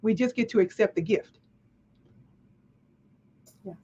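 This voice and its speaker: A woman hosting a casual live chat, talking in an animated, chatty way and often checking in with "right?". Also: medium pitch, a little slow, husky. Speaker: host. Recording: dull lo-fi stream audio.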